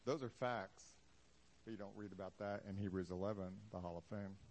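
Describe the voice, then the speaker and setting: A man's voice: on the low side, steady tone, brisk, darkish tone, slight background noise. A man preaching a sermon in a casual, joking way, acting out the Bible scenes he talks about for the congregation. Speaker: pastor.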